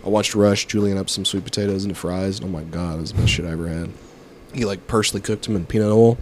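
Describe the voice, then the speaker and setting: A man's voice: sits low, steady tone, quick pace, darkish tone, a little hiss or hum. A man with a Kentucky accent, co-hosting a podcast in casual, profane, sarcastic banter. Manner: joking, profane, sarcastic asides. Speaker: podcast co-host.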